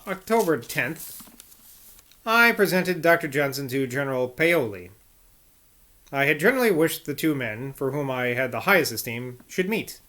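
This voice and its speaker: Male audiobook narrator, plain reading, casual asides, small slips, slightly high voice. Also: fairly bright tone. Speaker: audiobook reader.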